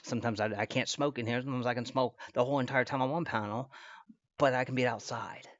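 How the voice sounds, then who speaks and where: A man rambles through a live-stream reaction, swearing freely and trash-talking as he goes. His voice sits at an average pitch for a man. The sound is dry and close, with a slightly muffled, dull desk mic. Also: fairly even intonation, quick pace, a bit bright, no room sound. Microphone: computer mic at desk.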